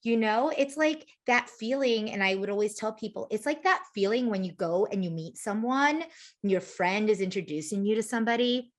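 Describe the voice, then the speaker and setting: A young adult woman, a guest in a casual interview, telling lively stories, acting out other people's voices and swearing now and then. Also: medium pitch, moderate pace. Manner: animated storyteller, acts out quoted voices, uses swear words. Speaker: interview guest, former reality show contestant.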